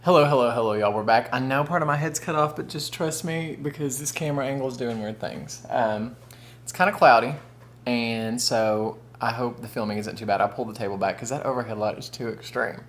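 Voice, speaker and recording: Eating on camera, a Southern US food vlogger chats with viewers in a folksy mukbang style, calling them "y'all" and "honey." His medium-pitched voice moves a little fast.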